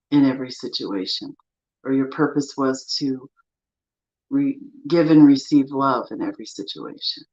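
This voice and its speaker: A woman coaching listeners through grief with a gentle, soothing, encouraging manner and guided tapping. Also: very deep voice. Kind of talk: guided self-help talk with tapping. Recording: slightly dull lo-fi sound.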